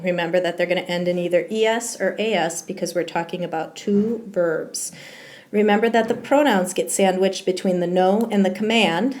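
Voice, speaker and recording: With a fairly low, darkish voice, a female Spanish teacher narrates a slideshow grammar lesson. She breaks it down step by step and says um often.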